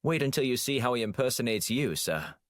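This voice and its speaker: A man's voice: mid-range voice, very animated, a little fast, no room sound, clean studio sound, voice pushed up, close to an everyday voice. A man voicing a cheeky, playful young female agent.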